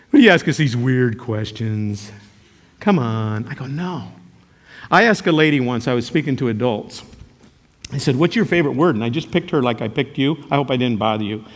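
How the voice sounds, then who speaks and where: An older man, a teacher, giving a motivational talk to a live audience, telling jokey stories with sudden loud outbursts. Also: medium pitch, quick pace. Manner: animated storytelling, joking, sudden loud outbursts. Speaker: character education teacher and speaker. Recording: reverberant hall.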